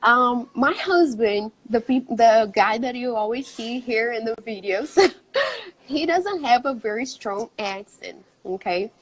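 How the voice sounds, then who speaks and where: A Brazilian-born woman, a native Portuguese speaker who teaches English, chats casually in an interview and laughs often. Her voice is on the high side and animated, her pace a little slow, and the audio quality is poor.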